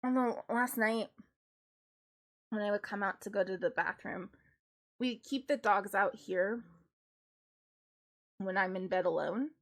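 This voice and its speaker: A woman streaming from home, chatting casually with lots of "like" fillers and ready laughter. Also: mid-range voice. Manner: chatty, with frequent 'like' fillers; laughs readily while telling stories. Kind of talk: casual chat.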